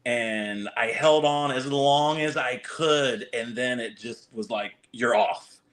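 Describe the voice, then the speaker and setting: A man's voice: mid-range voice, slow. A man on a podcast telling a story, acting out the lines of others and sprinkling in fillers. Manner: animated, acts out quotes, frequent fillers. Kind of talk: casual chat, anecdote.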